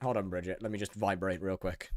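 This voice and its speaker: A man's voice: low voice, steady tone, fairly quick, no room sound, clean studio sound. A young man streaming a game, reading in-game text aloud, laughing often and reacting with mock outrage. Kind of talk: casual gaming commentary.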